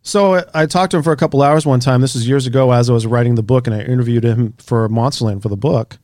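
A man, an author and researcher, telling a story in a casual interview, animated and casually swearing. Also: mid-range voice, fast talker, no room sound, studio quality.

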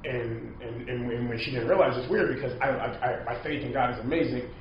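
A man's voice: mid-range voice, fairly even intonation, fairly quick, a little hiss or hum. A man telling a story in casual chat, rambling and packing his talk with repeated fillers. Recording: echoey, distant, dull lo-fi sound.

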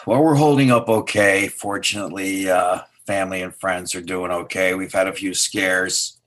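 A man from New York, a public relations executive, answering interview questions haltingly. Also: deep voice, steady tone, a bit bright. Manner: halting, many fillers and restarts. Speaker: PR executive guest.

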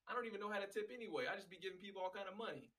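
A man's voice: high-pitched, racing, sharp tone, distant mic, poor audio. A man ranting casually in a rambling, profane, exasperated way.

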